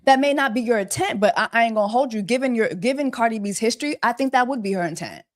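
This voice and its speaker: Exasperated woman livestream host, higher voice. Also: quick pace. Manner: exasperated, repeating rhetorical questions; mocking, with quacking and bird jokes. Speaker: host of a celebrity gossip livestream. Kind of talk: casual livestream commentary.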